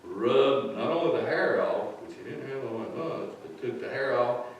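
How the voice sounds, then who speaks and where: A man's voice: mid-range voice, animated, moderate pace, a little hiss or hum. A male pastor preaching a sermon in a plain-spoken, folksy storytelling way. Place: church sanctuary. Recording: echoey church from far off.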